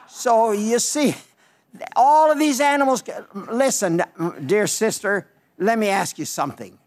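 A man's voice: sits high, lively intonation, moderate pace. An older man preaching on the radio, answering listener letters as folksy, emphatic stories with repeated phrases.

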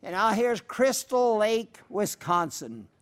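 A man's voice: high voice, big pitch swings, slow pace, smooth. An older man preaching a folksy sermon, telling stories with emphatic repetition and answering listener letters. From rural sheep-raising upbringing. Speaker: radio preacher.

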